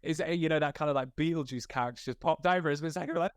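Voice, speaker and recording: A young man from Scotland, an actor, telling set stories in a casual interview, animated and slangy, full of filler likes. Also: fairly high pitch, racing, clean tone, no echo, clean studio sound. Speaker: actor guest.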